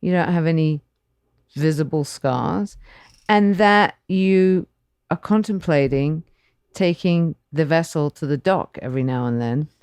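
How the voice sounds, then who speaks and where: Low-pitched lady guest, calm and supportive, dry close sound. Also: unhurried, smooth, no echo. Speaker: podcast guest. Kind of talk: casual chat.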